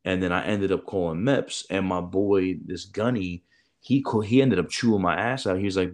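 A man's voice: sits low, normal speed. A man chatting casually as a podcast co-host, rambling and profane, with lots of "bro" and "like". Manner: loose, profane, peppered with "bro" and "like". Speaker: podcast co-host, former military recruiter. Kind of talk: casual chat.

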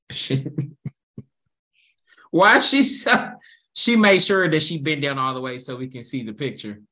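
Brash lively man with a Kentucky accent. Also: medium pitch. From Louisville, Kentucky. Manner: brash, teasing, profane, quick comebacks. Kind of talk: casual chat.

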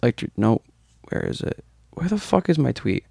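A man's voice: medium pitch, big pitch swings, normal speed, gravelly, mellow, dry recording, clean studio sound. Rambling, foul-mouthed young man. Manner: rambling, profane storytelling. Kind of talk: casual chat.

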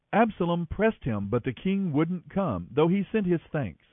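A man reading a Bible story aloud as scripted narration, with an expressive storytelling manner, over a tinny radio line. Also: on the high side, unhurried, hardly any pauses, no room sound. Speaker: Bible reader on a radio program.

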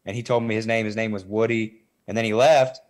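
A man's voice: on the low side, fairly even intonation, fairly quick. A man from the congregation telling a casual, rambling testimony story, full of "like" and fillers. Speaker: church member giving testimony.

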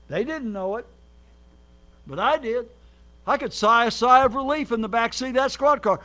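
A man preaching as a guest, telling his life story with lively acted quotes and sudden swings between loud and soft. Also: high-pitched, normal speed, pauses often. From Minnesota, United States. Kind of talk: sermon.

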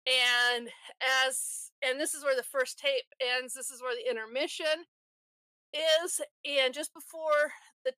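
A woman's voice: high-pitched, sharp tone, no room sound. A woman co-hosting a podcast, casually retelling a movie's scenes step by step with frequent restarts. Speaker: podcast co-host.

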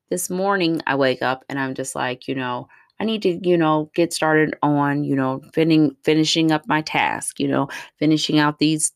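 A woman's voice: very deep voice, no room sound, clean studio sound. A woman, a mother, venting in a casual vlog, blunt and profane, rambling with lots of fillers. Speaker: mother vlogging about her day.

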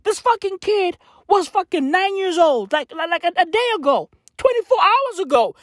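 A woman delivering a profane comedic rant, full of slang, dropping to low mutters and then jumping to high shouted outbursts. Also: lively intonation, moderate pace, few pauses, no echo, studio quality. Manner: heavy slang fillers. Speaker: comic ranter.

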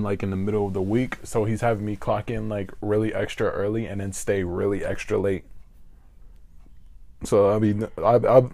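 A man's voice: lowish voice, mellow, dry recording. A young man co-hosting a podcast in casual chat, laid-back and laughing often. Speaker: podcast co-host.

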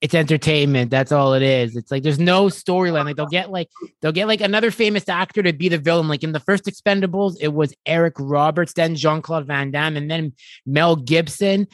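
A podcast host chatting casually, animated and full of quick jokes. The voice sits in a middle pitch. It is recorded close and dry, with almost no room sound. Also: no room sound. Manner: animated, joking, quick asides. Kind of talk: casual chat.

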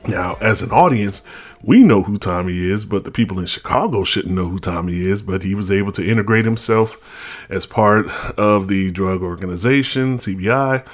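Male podcast host with a deep voice who gives opinionated, casual reviews. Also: normal speed. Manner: blunt, opinionated, chatty.

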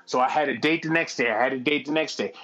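A middle-aged man telling a long anecdote in casual chat, profane and animated, laughing as he goes. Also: medium pitch, fast, highs cut off.

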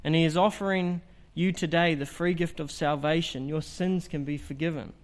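A man's voice: a little high, steady tone, moderate pace. A man preaching an evangelistic sermon in an earnest, emphatic way, asking rhetorical questions.

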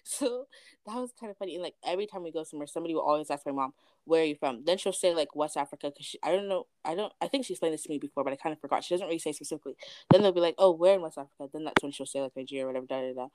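A woman's voice: sits low, darkish tone, no echo. A young woman telling stories in a casual chat, acting out what people said. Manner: quick storytelling with acted quotes. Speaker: discussion prompt reader. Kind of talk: casual conversation.

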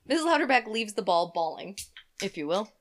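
A woman's voice: medium pitch, sing-song, a little fast. A woman co-hosting a podcast, telling a story in chatty, giggly casual talk. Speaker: podcast co-host.

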